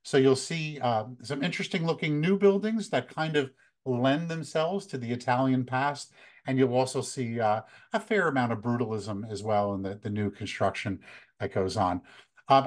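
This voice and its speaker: An American man in his fifties, a photography workshop leader, giving relaxed, conversational travel tips with many fillers. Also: medium pitch, normal speed. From United States. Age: 50s. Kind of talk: casual talk, practical travel tips.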